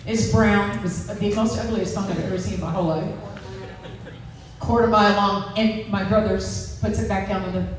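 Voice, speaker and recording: A woman's voice: mid-range voice, fairly even intonation, normal speed. A woman in her sixties telling her testimony at church, emphatic and storytelling, acting out what people said. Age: 60s. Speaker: testimony speaker. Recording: echoey room, distant mic, faint noise.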